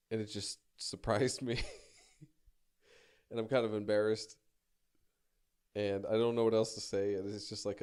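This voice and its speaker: Young guy rambling thru a story, kinda low voice, swears a lot, keeps restarting himself. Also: a little mellow. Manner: rambling, profane, self-deprecating, halting with many restarts. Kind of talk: casual personal storytelling.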